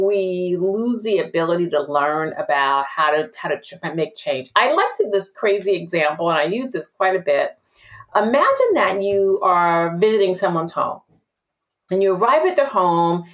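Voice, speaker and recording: A woman speaking as a guest expert on emotional intelligence in an interview, telling vivid stories and acting out examples. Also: medium pitch. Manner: animated storyteller acting out examples. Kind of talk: interview conversation.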